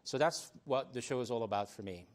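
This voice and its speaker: A man's voice: mid-range voice, a little fast. A man hosting a live talk show from a TV studio, friendly, chuckling often and restarting his sentences with ums. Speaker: TV talk show host and coach.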